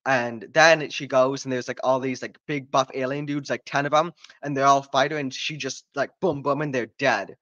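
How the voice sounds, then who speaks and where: A man's voice: mid-range voice, steady tone, moderate pace, hardly any pauses, fairly bright tone, dry recording, lo-fi sound. Exasperated, sarcastic man ranting. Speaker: video reviewer. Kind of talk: ranting review vlog.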